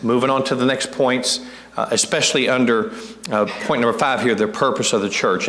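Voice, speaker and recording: A male pastor giving a teaching-style evening sermon, talking in a conversational, halting way with many restarts and asking the congregation questions. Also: mid-range voice, fairly bright tone. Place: church sanctuary. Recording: echoey church hall.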